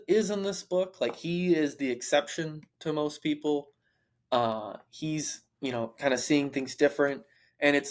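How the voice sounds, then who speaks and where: Young man, podcast co-host, casual book talk, rambling, lots of ums and restarts. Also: on the high side. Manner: rambling, stream of consciousness, many fillers and restarts.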